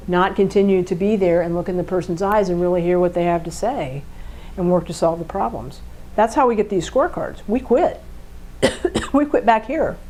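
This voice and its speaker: Woman co-host, lively advice-giver, middle-pitched voice, talks in rhetorical asides. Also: rough recording. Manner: animated, acts out quoted partners in a raised voice; explanatory, asks listeners rhetorical checks. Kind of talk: conversational relationship advice.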